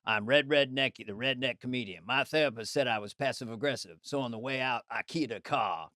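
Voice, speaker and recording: A man voicing a deadpan redneck stand-up comedian, reading one-liners with slow, flat punchlines. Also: medium pitch, no room sound, clean studio sound, voice pushed down, close to an everyday voice.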